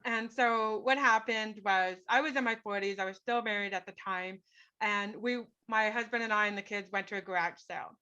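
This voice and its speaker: Earnest, bright-voiced woman telling a story. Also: mid-range voice, fairly even intonation, normal speed, clean tone. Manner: earnest, emphatic, tag questions like "right?". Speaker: guest, author. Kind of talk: personal storytelling in an interview. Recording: dull lo-fi podcast audio.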